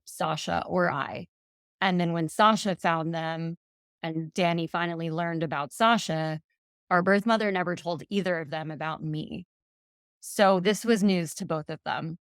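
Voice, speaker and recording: A woman's voice: lowish voice, fairly bright tone, clear, resonant tone, no room sound, clean studio sound. A woman in her thirties, a podcast guest, earnestly retelling a personal story and quoting messages aloud.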